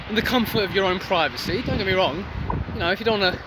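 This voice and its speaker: A man's voice: high voice, fast. A young man giving a blunt, profane motivational rant outdoors for his vlog. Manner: intense, profane, preachy. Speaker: vlogger. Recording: loud street traffic noise.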